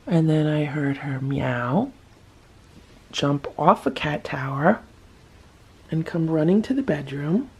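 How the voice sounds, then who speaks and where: A woman's voice: low-pitched, mellow, breathy edge. A woman narrating a casual home vlog, chatting about her cats and talking to them as she films. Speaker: cat rescuer vlogger.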